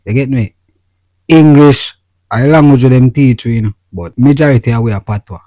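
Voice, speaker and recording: A man's voice: mid-range voice, normal speed, mellow, no echo, dull audio. A Jamaican man co-hosting a podcast, talking laid-back in patois. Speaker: podcast co-host. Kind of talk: casual chat.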